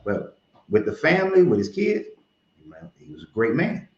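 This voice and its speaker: A man's voice: medium pitch, wildly swooping pitch, moderate pace. A man hosting his own show, giving blunt, profane, heated commentary in a casual tone. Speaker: podcast host. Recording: roomy, dull lo-fi sound.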